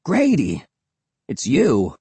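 Man reading a young boy for a storybook, eager, husky, dry close sound. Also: mid-range voice, lively intonation, moderate pace, darkish tone, no room sound. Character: young boy exploring a dark swamp.

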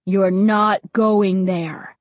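Menacing boy, low and threatening, animated storybook delivery, read by a woman. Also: moderate pace, husky, no echo. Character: sinister boy, quiet and menacing.

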